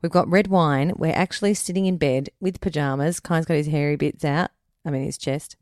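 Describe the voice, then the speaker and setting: Female co-host, a bit low, lively storyteller, dry close mic. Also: a little fast, no echo. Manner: lively storytelling, swearing, laughing often. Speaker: podcast co-host. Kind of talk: casual chat. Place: bedroom. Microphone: headset mic.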